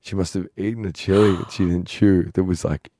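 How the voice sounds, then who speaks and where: Low, mellow male podcast co-host and animated storyteller who voices the people in his anecdotes. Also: a little fast. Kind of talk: casual storytelling chat.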